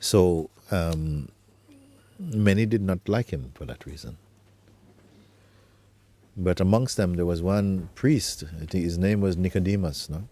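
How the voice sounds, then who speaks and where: A man acting as a spiritual teacher, talking gently and unhurriedly in an informal talk, often adding tag questions like "you see". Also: sits low, unhurried, pauses often.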